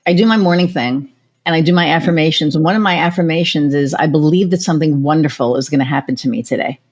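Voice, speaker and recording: A middle-aged woman hosting a podcast, telling stories in a lively, chatty way and acting out what others said. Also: deep voice, fast. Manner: animated storytelling, acts out quoted voices. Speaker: podcast host. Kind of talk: casual chat.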